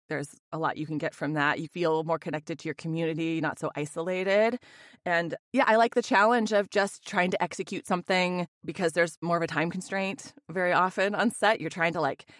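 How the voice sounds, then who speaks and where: A woman's voice: lowish voice, dry recording, studio quality. Bubbly, chatty woman voice actor. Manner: bubbly, chatty with frequent fillers. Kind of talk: casual interview chat. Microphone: studio condenser mic.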